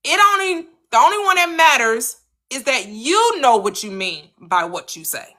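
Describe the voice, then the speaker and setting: Host type: American woman, bright, earnest motivational coach who repeats points for emphasis. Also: moderate pace. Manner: earnest, coaching, repeats phrases, lively swings in pitch. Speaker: manifestation channel host. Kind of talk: motivational spiritual talk.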